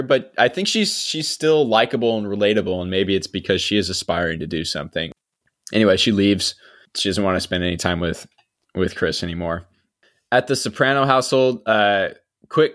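A young man with a lowish voice hosts a podcast, recapping a TV episode. He talks in a relaxed, chatty way, laughing often and letting sentences trail off into quiet. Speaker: podcast host. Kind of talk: casual chat recapping a TV episode.

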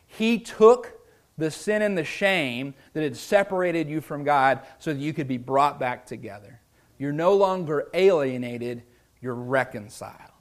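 A male pastor preaching a sermon in an earnest, conversational way, restarting phrases often and swinging from loud emphasis to quiet, low lines. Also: measured pace. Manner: swells loud and high for emphasis, drops low and soft on key lines.

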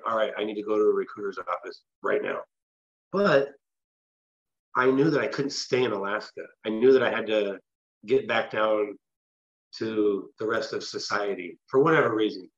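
A man's voice: mid-range voice, a bit bright, husky, muffled recording. A man from the West Coast of the US, a guest telling a long personal story in a casual, rambling way with restarts. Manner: rambling, with restarts and filler phrases. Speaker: interview guest.

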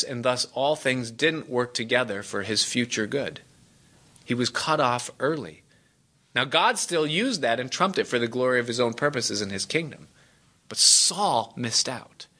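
A man preaching a sermon to a congregation, acting out the people in the story with dramatic swings in his voice. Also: sharp tone. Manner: dramatic, acts out quoted voices with big pitch jumps. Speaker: pastor.

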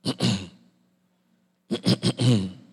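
A man preaching a sermon as a pastor. He talks in a playful, animated way and often repeats words and adds asides. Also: mid-range voice, drawn-out words, creaky, slightly rough, long reverb tail.

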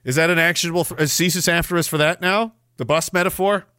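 A man's voice: fairly high pitch, fairly even intonation, fast, pushed and bright, smooth, no echo, clean studio sound. A man from Canada hosting a livestream podcast, ranting sarcastically with frequent laughter. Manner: sarcastic, jokey, laughs often. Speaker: podcast host. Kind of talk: casual livestream rant.

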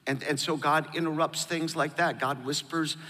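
A man's voice: fairly high pitch, fairly even intonation, normal speed, sharp tone, long reverb tail. A middle-aged pastor telling personal stories as an interview guest, emotional and hesitant, often restarting his sentences.

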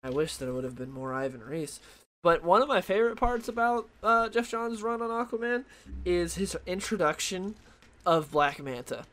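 A man's voice: sits high, normal speed, a bit bright. Rambling young man reviewing comics. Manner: loose and rambling, many fillers. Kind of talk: casual solo review talk. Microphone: desk microphone.

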